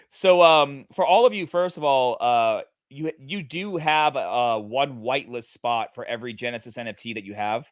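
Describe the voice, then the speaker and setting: A man in casual livestream chat, pitching his project with many fillers and restarts. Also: moderate pace, no room sound. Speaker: guest, NFT project creator.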